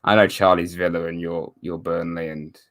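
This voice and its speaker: Young English man chatting casually, deep voice. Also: little pitch movement, normal speed. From England. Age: young adult. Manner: rambling, self-correcting, wry sarcastic asides. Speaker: live stream host. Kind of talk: casual watchalong chat reading viewer comments.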